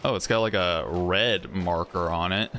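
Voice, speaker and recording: A man's voice: deep voice, measured pace, a bit bright, a little hiss or hum. A man streaming a video game with casual, rambling, jokey commentary, often breaking into laughs. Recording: faint music underneath.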